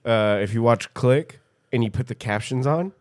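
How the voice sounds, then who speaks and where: A man's voice: mid-range voice, moderate pace, a little mellow, dry recording. A man with a mid-range voice co-hosts a casual podcast in a dry, close-miked sound. He rambles through stories, swearing freely and circling back. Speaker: podcast co-host. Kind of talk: casual chat.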